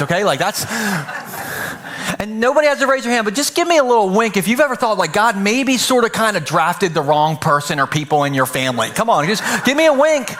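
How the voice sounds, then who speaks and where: A man's voice: on the high side, expressive, fairly quick, fairly bright tone. A man preaching a sermon to a live church audience, playful and jokey, acting out little scenes in funny voices. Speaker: pastor.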